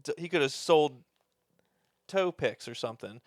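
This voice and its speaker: A man's voice: a little high, lively intonation, measured pace, no room sound, studio quality. A man in casual podcast chat, animatedly retelling a film plot with lots of swearing. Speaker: podcast co-host.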